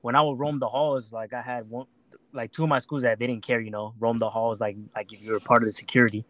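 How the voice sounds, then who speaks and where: A man in a casual chat, relaxed and quick to laugh. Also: mid-range voice, no room sound, rough recording.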